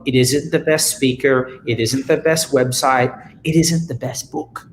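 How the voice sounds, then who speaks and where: An Australian man giving an energetic motivational talk as a guest speaker, often acting out what people say. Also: medium pitch, measured pace, slight background noise, rough recording. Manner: energetic, animated, acts out quotes.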